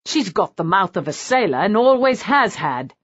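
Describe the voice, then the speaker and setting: A woman narrator voicing a hot-tempered, whiny young man who shouts and grumbles. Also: mid-range voice, very animated, normal speed, dry recording, dull audio. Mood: indignant. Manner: blustering, whiny.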